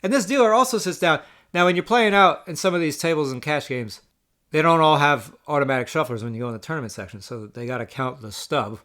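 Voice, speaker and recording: A man's voice: a little high, quick pace, pushed and bright. A man telling a poker table story as an exasperated, profane rant, full of stammered restarts. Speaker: poker player vlogger. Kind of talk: ranting storytelling.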